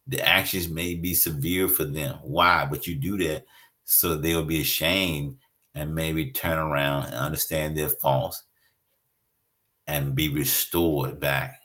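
A man's voice: deep voice, a bit bright. A man preaching a sermon in an earnest, repetitive style, stressing key words.

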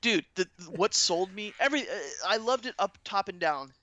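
Excited high-voiced man gushing. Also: moderate pace. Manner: excited, rambling fan talk. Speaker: podcast co-host. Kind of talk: casual chat.

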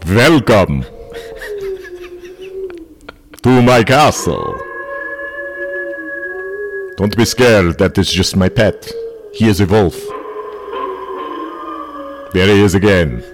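A man's voice: animated, slow pace, pauses often, music in the background. A man putting on the voice of a theatrical vampire count to open a podcast. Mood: hammy spooky. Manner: hammy, booming spooky welcome. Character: theatrical male vampire count, spooky host.

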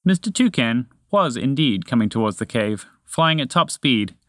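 A man reading a children's story aloud in a lively storytelling manner. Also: mid-range voice, moderate pace, no room sound, clean studio sound. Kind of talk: scripted narration.

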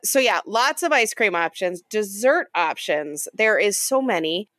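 A woman's voice: medium pitch, expressive, measured pace, a bit bright, dry recording, clean studio sound. A woman co-hosting a casual podcast, chatting enthusiastically and laughing often. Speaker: podcast co-host. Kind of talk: casual chat.

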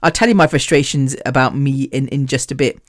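A woman's voice: very deep voice, brisk, no echo, studio quality. Rambling woman podcaster. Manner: rambling, scatterbrained, chatty storytelling. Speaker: podcast host. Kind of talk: solo podcast monologue.

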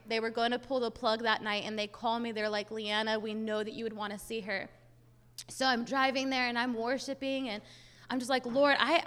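A young woman from a Hispanic family in the US speaks at church, sharing a personal testimony during a sermon in a casual storytelling style packed with "like" fillers. Her voice is a little high with a fairly bright tone. The sanctuary gives the recording a long hall reverb.

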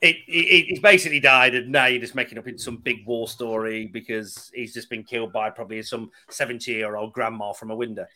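Fast, bright-voiced man. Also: medium pitch. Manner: animated, sardonic storyteller, swears freely. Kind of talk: casual chat.

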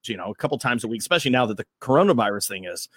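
A man's voice: medium pitch, rapid-fire, breathy edge, no room sound, studio quality. A man who hosts morning radio, chatting loosely and rambling as he tells stories on a podcast. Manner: loose, rambling, animated storytelling. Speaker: morning radio host, guest. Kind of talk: casual podcast chat.

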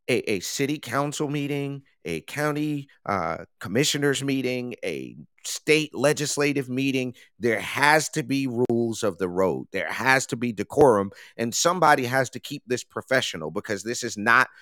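Co-hosting a political talk show, a man explains meeting rules in an emphatic, lecturing way during political commentary chat. His medium-pitched voice is expressive and fairly bright, at normal speed, captured in clean studio sound with no echo.

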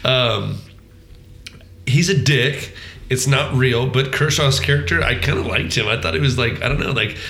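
A man's voice: medium pitch, moderate pace, a bit bright, roomy sound. Rambling man on a movie podcast. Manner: rambling, frequent ums and restarts, profane. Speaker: podcast co-host. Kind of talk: casual movie review chat.

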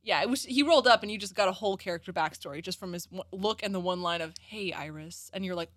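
A woman chats through an anime episode on a podcast, rambling and acting out reactions. Her voice sits at an ordinary pitch. The sound is close and dry. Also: rapid-fire, no echo. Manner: rambling, lots of "like" and quoted reactions. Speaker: podcast co-host. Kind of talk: casual anime review chat.

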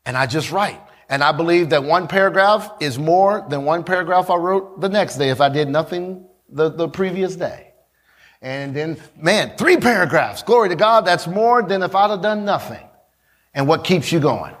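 A man's voice: a little high, expressive. A man preaching a sermon, acting out quoted lines and calling out to the congregation. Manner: preaching, rising to shouts, with quick asides to the congregation. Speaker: pastor.

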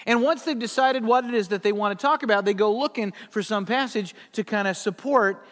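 High-voiced pastor in an echoing hall. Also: male voice, brisk. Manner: conversational, humorous storytelling. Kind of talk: sermon. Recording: long hall reverb.

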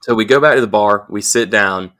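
A young man with a lowish voice rattles off a rowdy, profanity-laced anecdote at a brisk clip. He's a podcast co-host, telling it casually and with plenty of animation.

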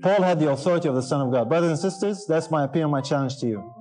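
A man's voice: fairly high pitch, racing, warm tone, low-quality recording. Earnest man preaching a sermon. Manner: earnest, emphatic, asks the congregation questions.

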